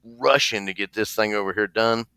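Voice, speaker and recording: Chatty podcast man with a bright, smooth voice. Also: lowish voice, normal speed. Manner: chatty, jokey, addresses listeners directly. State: restless, leg bouncing while seated. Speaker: podcast co-host. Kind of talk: casual chat.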